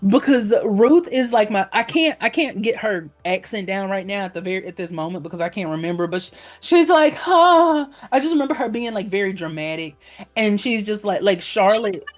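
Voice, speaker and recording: A woman hosting a casual podcast chat. She talks animatedly and slips into playful character voices with sudden pitch leaps. Faint music sits quietly behind her. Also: brisk. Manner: animated, acts out characters with big pitch jumps. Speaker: podcast host.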